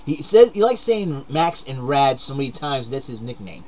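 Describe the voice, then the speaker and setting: A young man calmly signing off his comedy video and explaining the character. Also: normal speed. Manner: calm, low-key wrap-up. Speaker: video creator.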